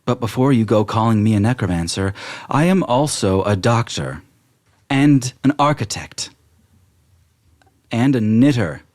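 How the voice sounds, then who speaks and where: Man as female gnome archivist, middle-aged, prim, put-on French accent, measured. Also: medium pitch, expressive, darkish tone, natural voice. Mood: formal. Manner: formal, measured.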